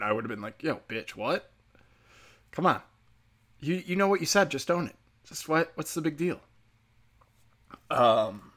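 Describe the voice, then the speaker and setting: A man's voice: medium pitch, a bit bright. A man hosting a podcast, ranting in a casual, profane and sarcastic monologue that gets heated.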